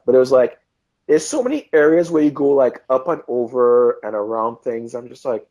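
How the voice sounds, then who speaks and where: A man from Trinidad and Tobago, a podcast guest telling animated travel anecdotes and acting out the people he met. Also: medium pitch, fairly quick. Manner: animated, acts out quoted voices. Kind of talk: casual storytelling chat.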